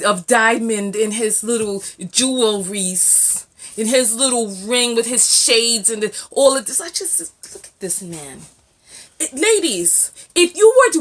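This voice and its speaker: Woman, vlogger, sassy, animated, questioning, bright tone. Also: sits high. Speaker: relationship vlogger. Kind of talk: reaction video commentary.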